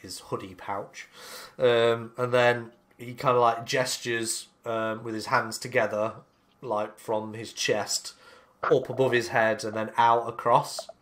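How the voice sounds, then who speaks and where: A man's voice: mid-range voice, level tone, takes it slowly, a bit bright. Hesitant man narrating as game master. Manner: casual, hesitant, full of fillers. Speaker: dungeon master.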